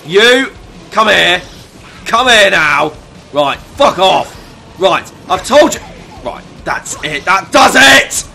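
A man's voice: a little high, sing-song, slow pace, creaky, fairly bright tone, a little hiss or hum, exaggerated voice. A man putting on the voice of a foul-mouthed, furious celebrity chef, swearing and sighing while commenting on a game. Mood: barking. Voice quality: constant swearing, exasperated sighs. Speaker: gamer doing a parody voice. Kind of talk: comedic gameplay commentary.

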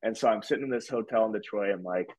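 Speaking fast in a lowish, slightly mellow voice, this twenty-something podcast guest rambles casually through a story, leaning hard on fillers such as "like" and "whatever." The sound is dull, dry lo-fi, with no room sound.

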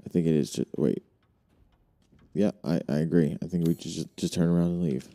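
A man's voice: deep voice, steady tone, moderate pace, vocal fry, dark tone. A young man streaming a horror game, talking to his chat, swearing and jumpy. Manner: swearing, jumpy, chatty with viewers. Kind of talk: live horror game commentary.

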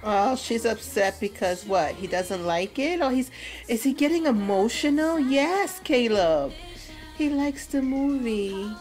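A woman's voice: on the high side, lively intonation, a little slow, a little mellow, soft background music. A woman hosting a gameplay video, chatting playfully and casually with slangy asides. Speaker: let's play host.

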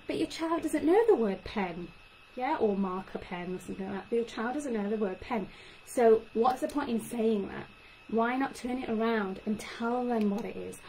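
A young woman, a speech and language therapist explaining tips to parents in an animated way. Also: on the high side, low-quality recording. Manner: animated, acts out child-directed phrases. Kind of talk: talk to parents. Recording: faint background noise.

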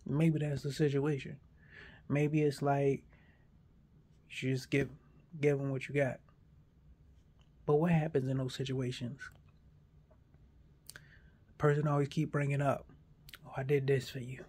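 A man in a casual monologue, arguing a point in an animated way and acting out imagined back-and-forth dialogue. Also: mid-range voice, unhurried, long pauses, slightly rough.

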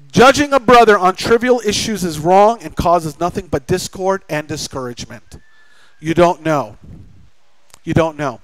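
An American man preaching a sermon as pastor, lively and acting out the voices of people he describes. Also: very high-pitched, no room sound, poor audio.

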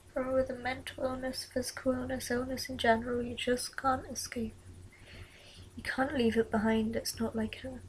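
A young woman speaks in a hushed, halting near-whisper, the tone of a private late-night vlog confession. Her voice sits a little high. A faint hiss runs under the recording. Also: poor audio. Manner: soft, halting whispered musing. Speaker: vlogger.

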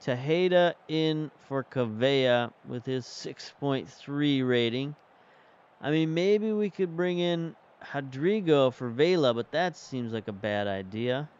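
A man's voice: medium pitch, expressive, takes it slowly, a little mellow, smooth, muffled recording. A man casually commentating as he plays a football management game, thinking aloud about tactics and substitutions. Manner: chatty, thinks aloud while managing the match. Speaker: game streamer. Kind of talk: casual commentary while playing.

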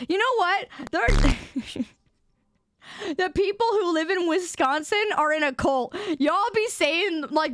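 A woman's voice: high voice, a bit bright, no echo, clean studio sound. A young adult woman live streamer in casual gaming chat, playfully teasing her viewers.

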